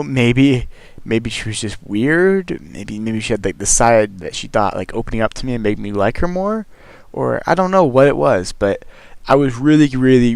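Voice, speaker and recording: A man's voice: medium pitch, clean tone, no room sound. A young man telling a funny personal story in a casual, exasperated way, swearing freely and acting out what people said. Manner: animated, exasperated, profane, acts out quotes.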